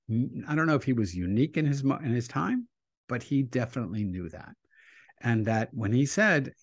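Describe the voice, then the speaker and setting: A man, a rabbi, telling a story in a relaxed interview, animated and acting out the quotes he tells. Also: mid-range voice, normal speed, creaky, dry recording.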